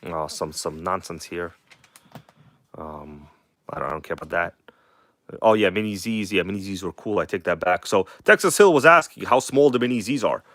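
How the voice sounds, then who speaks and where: Guy with a bit of an accent rambling on a live stream, reads stuff out haltingly, dry close mic. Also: deep voice, expressive, a bit bright, no room sound. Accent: non-native English accent. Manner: loose and chatty, swears, reads magazine text aloud haltingly. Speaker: host of a live RC car stream. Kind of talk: casual live-stream chat. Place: home workshop in Queens.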